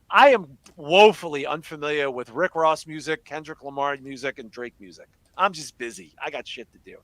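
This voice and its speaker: A man co-hosting a live-stream podcast, chatting casually in an excitable, profane way. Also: fairly high pitch, no room sound. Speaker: podcast co-host.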